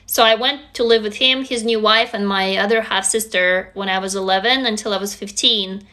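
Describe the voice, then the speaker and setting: A woman's voice: medium pitch, fairly even intonation, normal speed, pushed and bright. A woman whose first language is Russian, hosting a casual live stream from a phone, greeting viewers and swearing freely. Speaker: livestream host.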